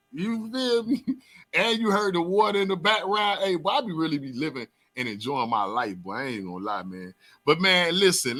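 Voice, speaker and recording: A young man with a South Florida accent hosting a talk show, hyped and loud, jumping between shouting and mumbling. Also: a little high. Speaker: host.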